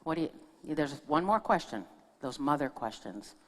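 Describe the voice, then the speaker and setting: A woman's voice: low voice, sing-song, normal speed. A woman minister giving a sermon in a church, telling stories in a conversational way and speaking with her audience. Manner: conversational storytelling with audience asides. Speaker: guest minister. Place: church sanctuary. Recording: long reverb of a church hall.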